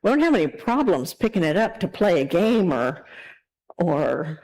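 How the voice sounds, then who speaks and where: A woman minister giving a sermon in a conversational, animated storytelling way. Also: on the low side, normal speed, rough recording.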